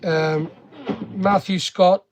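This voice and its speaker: A man's voice: high voice, fairly even intonation, very slow, slight background noise. A middle-aged Northern Irish man rambling chattily on a livestream while packing online orders and talking to viewers. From Northern Ireland.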